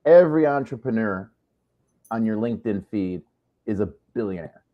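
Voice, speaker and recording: A man's voice: lowish voice, lively intonation, moderate pace, lo-fi sound. A man hosting a live video chat, talking in an earnest, motivational way and often checking in with "right?". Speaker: live show host. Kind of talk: casual live-stream chat.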